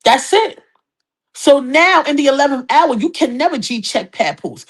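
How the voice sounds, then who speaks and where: A middle-aged woman hosting a hip hop gossip show, brash, profane and animated, talking straight to viewers. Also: high-pitched, a little slow. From New York City, Queens. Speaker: podcast host.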